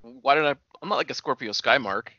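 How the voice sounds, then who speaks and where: A man's voice: medium pitch, brisk, pushed and bright, no room sound. A man co-hosting a casual wrestling podcast, swearing often and calling his friend buddy. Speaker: podcast co-host. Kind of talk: casual wrestling recap chat. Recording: dull lo-fi sound.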